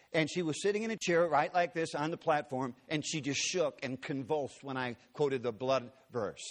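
A man preaching in a large auditorium, telling a story with earnest drama and acting out the quotes. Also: a little high. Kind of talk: sermon storytelling.

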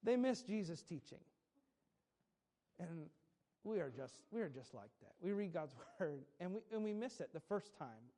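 A man's voice: high voice, very animated, normal speed, mellow. A male preacher delivering a sermon with emphatic, repetitive phrasing and light chuckles.

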